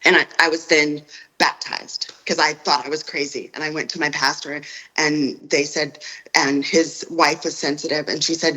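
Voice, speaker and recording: A woman on a phone call, recounting a personal story in a halting way, often repeating her words. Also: deep voice, level tone, bright, forceful tone. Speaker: guest telling her own story.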